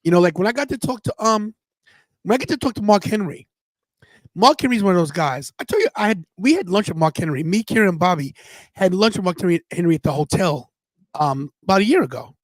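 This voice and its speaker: Fifty-something man telling animated stories. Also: high voice, fast, no echo. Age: 50s. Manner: animated storyteller quoting others in their voices. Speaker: podcast co-host. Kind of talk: casual storytelling chat.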